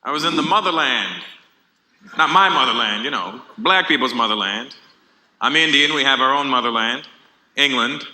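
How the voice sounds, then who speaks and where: A man from Canada doing a stand-up comedy set, telling animated stories with impressions before a live audience. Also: medium pitch, moderate pace, big-room sound, rough recording.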